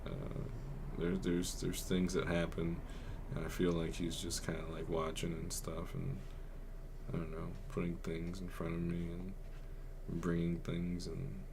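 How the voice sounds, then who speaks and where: A man's voice: low-pitched, completely flat delivery, measured pace, gravelly, background noise. A young man hosting a podcast, telling a personal story in a rambling, subdued way, full of filler words. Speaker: podcast host. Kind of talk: casual storytelling.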